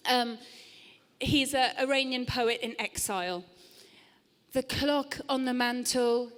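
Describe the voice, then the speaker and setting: A middle-aged woman doing a live stand-up set in a large theatre, chatty and self-mocking, with quick asides to the crowd. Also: high voice, fairly even intonation, fairly bright tone. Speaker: stand-up comedian. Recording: long hall reverb from a live venue.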